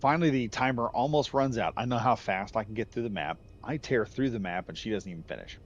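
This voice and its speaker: Talking fast and animated in a medium-pitched voice, a middle-aged gaming channel host rambles through a casual story, self-correcting and laughing at his own jokes. The audio is slightly muffled, with faint background noise.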